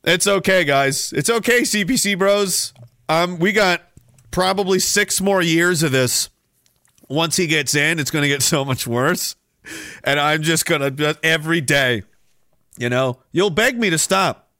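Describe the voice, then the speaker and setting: Brief: male stream host, sarcastic rant, bright and fairly high voice, dry sound. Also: a little slow, no echo. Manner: sarcastic, mocking, rambling. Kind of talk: ranting live-stream commentary.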